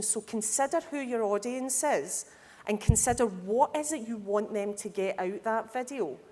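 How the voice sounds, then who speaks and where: A woman speaking to a live audience at a conference, lively and candid, with humorous asides. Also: mid-range voice. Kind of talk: conference talk. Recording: hall reverb.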